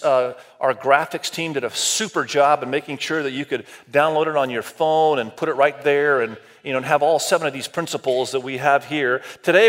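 A man delivering a sermon, with a voice that sits a little higher than most men's. He preaches in a lively, conversational way and often turns to the congregation with questions and calls for a show of hands. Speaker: pastor. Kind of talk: sermon to a multi-campus church.

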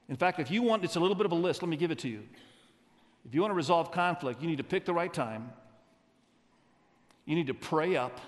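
A man preaching a sermon as pastor, animated and leading the congregation in call-and-response. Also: on the high side. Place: large church. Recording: church sound with long hall reverb.

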